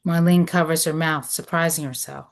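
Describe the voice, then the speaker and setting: A woman reads stage directions aloud in a low voice. Her delivery is measured and descriptive, setting each scene plainly. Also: steady tone. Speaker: narrator reading stage directions. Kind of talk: script read of stage directions.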